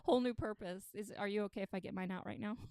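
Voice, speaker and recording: A woman's voice: mid-range voice, quick pace, warm tone, clear, resonant tone, no echo, clean studio sound. A woman hosting a podcast, chatting casually and playfully and laughing often. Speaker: podcast host.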